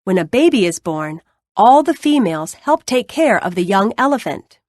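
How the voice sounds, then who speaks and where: A woman reading a children's nonfiction book aloud, clear and expressive. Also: mid-range voice, normal speed, dry recording, clean studio sound. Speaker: narrator.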